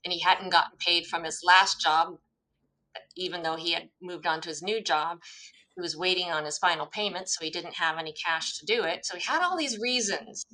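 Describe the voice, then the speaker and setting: In a rough recording, a guest from the US with a lowish voice recounts a personal story at normal speed during a casual talk. She gets animated, acts out the dialogue she quotes, and laughs at her own expense.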